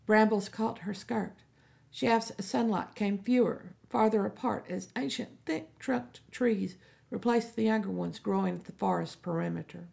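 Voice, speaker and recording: A woman narrating a fantasy story in a steady, measured way. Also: mid-range voice, gravelly. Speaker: audiobook narrator.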